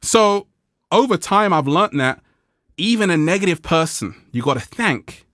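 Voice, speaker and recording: A motivational vlog host talks a little slowly to his viewers, staying playful and animated, laughing often and voicing quoted people in a high pitch. The recording is clean studio sound without room sound.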